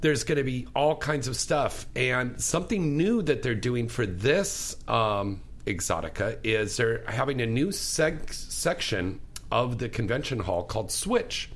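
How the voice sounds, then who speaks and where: A man's voice: mid-range voice, lively intonation, unhurried. Effusive talk radio host, a man. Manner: effusive, chatty, enthusiastic. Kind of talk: casual talk radio hosting.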